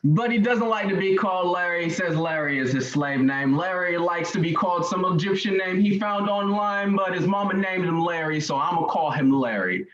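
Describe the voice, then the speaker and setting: A man with a fairly high voice performs a spoken word poem, landing each line with punchy, sardonic rhythm. He is heard over a remote video call. The sound is roomy and a bit muffled, as if he were in an echoing room. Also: moderate pace, few pauses, fairly bright tone. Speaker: slam poet.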